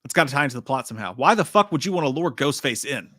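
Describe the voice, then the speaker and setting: A man's voice: mid-range voice, expressive, racing, a bit bright, no echo. A man hosting a live trailer breakdown, rambling casually, swearing freely and reading out chat comments. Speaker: live-stream host.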